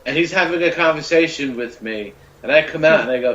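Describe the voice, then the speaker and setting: A man's voice: fairly high pitch, fairly quick, fairly bright tone, recorded from a distance. A man who investigates the paranormal recounts an investigation in a plain, matter-of-fact voice. He sits away from the mic, and the sound comes through dull and lo-fi. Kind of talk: casual interview.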